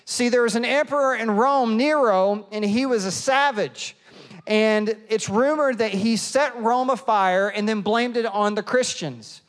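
A middle-aged man preaching a sermon and telling a lively, self-mocking story, acting out the people in it. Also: high-pitched, a little slow. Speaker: pastor. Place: church auditorium. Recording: long hall reverb.

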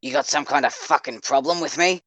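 A man voicing a hot-tempered, aggressive teenage boy who growls and shouts his lines. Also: medium pitch, slow, no room sound, pitched above the performer's own voice. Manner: loud, growling, confrontational. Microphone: home microphone over voice chat.

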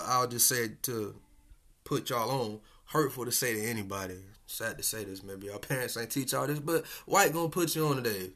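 A man's voice: mid-range voice, fairly bright tone. A man hosting a casual solo podcast, talking in a laid-back, slangy and profane way and chuckling often. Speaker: podcast host.

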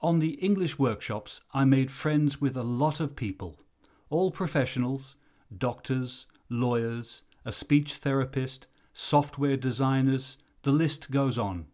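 A man teaching an English lesson, explaining things slowly and carefully. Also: mid-range voice, a little mellow. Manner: slow, careful explanatory delivery. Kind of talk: recorded lesson narration.

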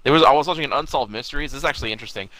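Male co-host, bright tone, swears freely, gets worked up telling stories. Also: medium pitch, rapid-fire, no echo, poor audio. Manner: profane, excitable storytelling. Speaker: podcast co-host. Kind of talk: casual chat about wrestling.

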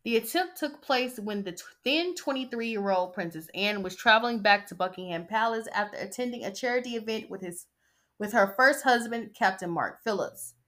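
A woman's voice: a little high, normal speed, fairly bright tone. Chatty woman doing a podcast, sassy and joking as she reads the story. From United States. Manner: sassy and chatty, with mocking asides. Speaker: podcast host. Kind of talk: casual chat, reading an article aloud.

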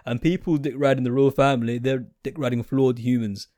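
A man's voice: medium pitch, fairly even intonation, fairly quick, mellow, no echo, clean studio sound. A young British man giving a blunt, sarcastic, rambling opinion monologue. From United Kingdom.

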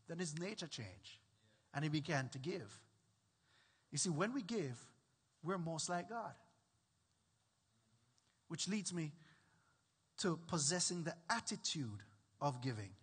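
A man's voice: sits high, fairly bright tone, husky, long reverb tail. A man preaching a sermon as pastor, emphatic and repetitive, often checking in with his listeners.

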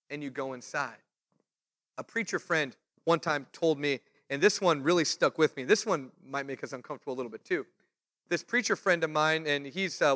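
A male preacher giving a sermon, telling stories and acting out the people in them. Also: high-pitched. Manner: animated storytelling, acts out quoted voices.

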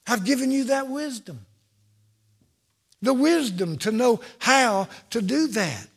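Preacher guy, pretty high voice, repeats himself for punch, big echoey church. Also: lively intonation, slow, creaky, slightly rough. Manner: emphatic, repetitive preaching cadence. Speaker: pastor. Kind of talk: sermon.

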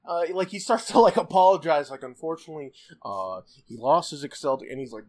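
A man in casual chat, rambling excitedly with frequent laughs and fillers. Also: on the high side, a little fast.

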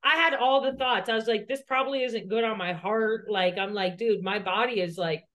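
A woman with a fairly high, fairly bright voice speaks at a moderate pace while co-hosting a podcast. Telling a personal story, she rambles, curses, and fills it with "like".

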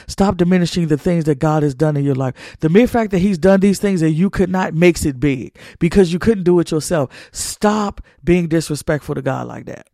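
A man's voice: a little high, moderate pace, few pauses, mellow, no echo, studio quality. A man hosting a faith talk, exhorting listeners with repeated, sermon-like phrasing. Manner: exhorting, repetitive, folksy Southern-church phrasing. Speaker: podcast host. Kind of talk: preachy motivational talk.

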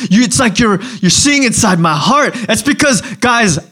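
A male pastor preaching a sermon in a relaxed, conversational way, acting out little voices and asides. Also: high-pitched, normal speed, few pauses. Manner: conversational, animated, acts out voices.

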